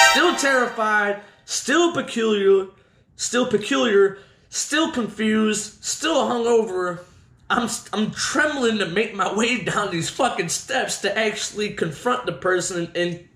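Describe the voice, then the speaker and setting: A man hosting a podcast, telling his own story casually with constant swearing and an animated delivery. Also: fairly high pitch, reverberant, rough recording. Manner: heavy swearing, animated retelling.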